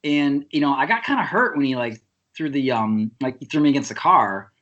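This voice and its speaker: A man, a podcast guest, telling a story in casual chat. He talks with many fillers and jumps up in pitch when he gets indignant. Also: expressive, brisk, fairly bright tone, highs cut off.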